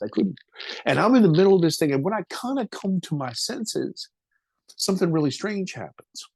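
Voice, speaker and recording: A man in his fifties recounts a personal experience as a podcast guest, telling it vividly and emotionally with loose, casual swearing. His voice sits at an ordinary pitch, and the recording is dry and close, with no room echo. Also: a little mellow. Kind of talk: casual storytelling.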